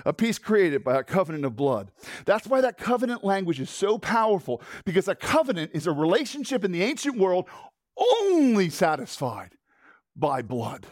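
Animated high-voiced male pastor. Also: a little fast, no echo, studio quality. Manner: animated, with frequent restarts and repeated words; rhetorical questions to the congregation. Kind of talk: sermon.

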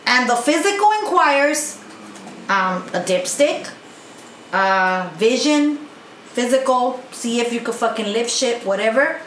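A woman's voice: on the high side, expressive, unhurried, a bit bright, a little hiss or hum. A woman co-hosting a casual podcast, telling a work story in a blunt, profane rant full of mocking quotes. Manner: blunt, heavy swearing, rants with mocking quotes. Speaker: podcast co-host. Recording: echoey room with faint ambience.

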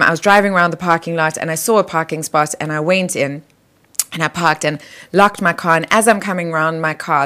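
A female radio host, talking in a relaxed, conversational way. Her voice sits a little low for a woman. She tells stories with lively energy and acts out the voices of the people in them. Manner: animated storyteller, acts out quoted voices. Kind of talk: casual conversational interview.

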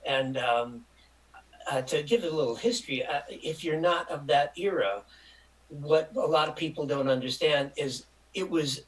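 A man's voice: a little high, normal speed, rough recording. An older man from Michigan telling a long, rambling story as an interview guest, acting out the voices of people in it. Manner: rambling, animated, acts out quotes. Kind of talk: casual anecdotal storytelling.

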